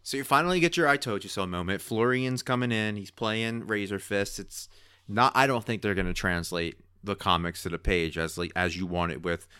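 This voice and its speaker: A man co-hosting a podcast in casual chat, talking in an excitable, rambling way. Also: on the low side, normal speed, clean tone, no room sound, studio quality. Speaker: podcast co-host.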